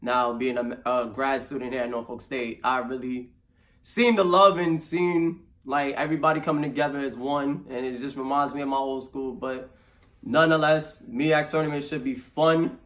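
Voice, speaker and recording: Relaxed New York man hosting a show. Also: medium pitch, moderate pace. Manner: relaxed, slangy, rambling. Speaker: podcast host. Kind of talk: casual interview chat.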